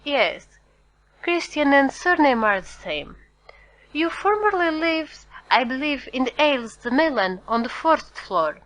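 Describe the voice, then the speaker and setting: A woman voicing a reserved male priest who asks measured, probing questions. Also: high-pitched, very animated, fairly bright tone, voice pushed up, heavily acted, rough recording.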